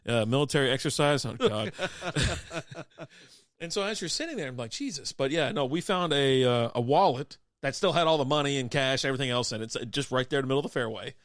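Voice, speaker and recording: A man's voice: mid-range voice, lively intonation, fairly quick, a bit bright, dry recording, clean studio sound. A young adult man co-hosting a casual chat, rambling through stories, acting out quotes and laughing often. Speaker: podcast co-host.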